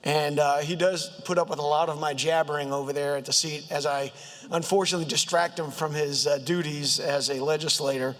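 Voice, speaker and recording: A Southern man with a highish, squeaky voice gives a joking speech from the floor of a legislative chamber. He talks haltingly, full of "uh" and "um", and long reverb trails after his words. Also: little pitch movement, a bit bright. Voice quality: high, squeaky voice. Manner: halting, many fillers, joking. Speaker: state legislator introducing a colleague. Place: state house chamber.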